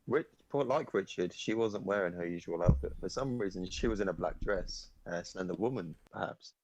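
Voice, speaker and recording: A man's voice: deep voice, normal speed, darkish tone, slightly rough, dull audio. A man co-hosting a comedy show, reading a story aloud in an offhand way, swearing and losing his place. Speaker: podcast co-host reading stories aloud. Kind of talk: casual comedic read-aloud chat.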